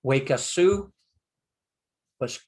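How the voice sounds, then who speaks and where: An older man teaching a Bible Hebrew lesson, slowly sounding out Hebrew words and explaining them with frequent pauses. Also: medium pitch, animated, a little mellow. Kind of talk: screen-share lesson.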